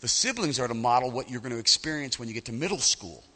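A male pastor preaching a sermon, animated, often repeating words as he starts a phrase. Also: mid-range voice, fast, big-room sound, slight background noise.

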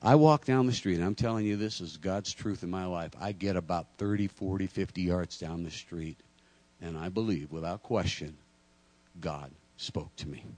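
A middle-aged pastor preaching a sermon, acting out lively stories with self-deprecating humor and stammers. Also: male voice, deep voice, normal speed. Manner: animated storytelling, acting out dialogue.

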